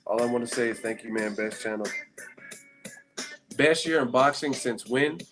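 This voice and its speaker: Speaking at medium pitch and normal speed, the boxing channel host talks to his live stream viewers from a hotel room in Las Vegas. Music plays behind him while he rambles, swears, and trades weary, casual banter.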